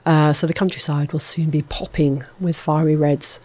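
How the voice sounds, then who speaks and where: A woman's voice: low voice, steady tone, normal speed, warm tone. A woman presenting a lunchtime radio show in a studio, chatty and playful, joking at herself. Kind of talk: casual radio chat.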